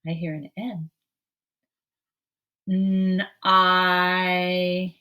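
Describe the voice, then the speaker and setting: A woman teacher giving a slow, patient early-literacy lesson, stretching out word sounds clearly for young children. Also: mid-range voice, expressive, a bit bright.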